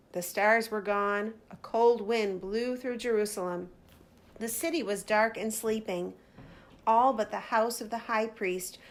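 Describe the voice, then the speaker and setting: Teacher reading a children's story, woman, very slow, dramatic pacing. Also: mid-range voice.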